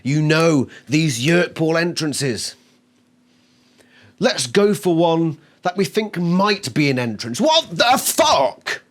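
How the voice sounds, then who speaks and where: A man's voice: fairly high pitch, lively intonation, slow. A man reviewing a book on camera, exasperated and swearing constantly, mocking the characters by acting out their lines. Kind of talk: ranting video review.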